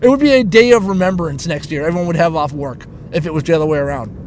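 A man hosting his own show, ranting profanely and stumbling over restarts while he drives. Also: quick pace. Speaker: podcast host. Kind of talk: casual ranting monologue. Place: inside a moving car. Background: engine rumble of the car.

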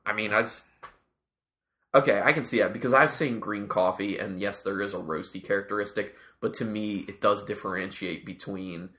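A man tasting a beer and talking through its flavors in a casual, thoughtful chat, often pausing to find his words. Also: lowish voice, fairly bright tone. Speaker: beer taster.

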